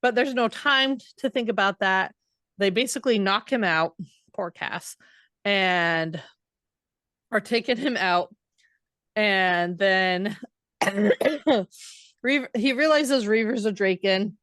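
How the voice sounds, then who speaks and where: A woman's voice: mid-range voice, slow, long pauses, fairly bright tone, smooth, dry recording, studio quality. Woman casually recapping a book, chatty. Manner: chatty, loose retelling with many "like"s and "uh"s. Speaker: podcast co-host.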